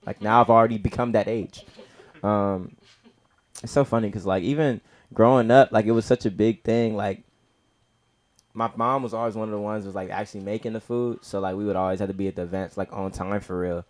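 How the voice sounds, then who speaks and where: A young man of Nigerian heritage doing stand-up at an open mic, rambling in heavy slang with constant "bro" and "you feel me", getting loud and high when acting out stories. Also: steady tone, a little fast. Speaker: stand-up comic. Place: comedy club open mic.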